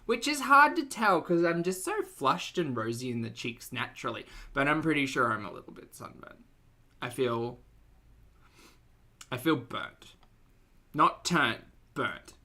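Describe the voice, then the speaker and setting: An Australian man hosting a casual reaction livestream, talking loudly and chattily. He has a bright, forward tone, and his pitch swings widely as he jokes at his own expense. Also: big pitch swings, unhurried. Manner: chatty, loud and self-mocking.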